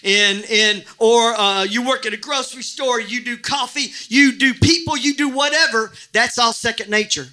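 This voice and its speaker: A middle-aged man preaching a sermon as pastor, animated and joking, now and then shouting. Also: extremely high pitch, normal speed, hardly any pauses. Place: church.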